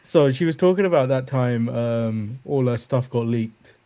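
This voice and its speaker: Relaxed English man telling a story. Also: medium pitch, measured pace. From England. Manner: relaxed storyteller, retells stories with hesitations. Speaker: podcast co-host. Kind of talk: casual wrestling chat.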